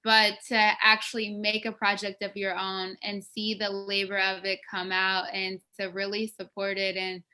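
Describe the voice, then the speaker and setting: A woman's voice: medium pitch, monotone, moderate pace, few pauses, sharp tone, clean tone. A woman actress from West Africa, telling stories from her career in a casual, enthusiastic interview. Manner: enthusiastic, storytelling, restarts often.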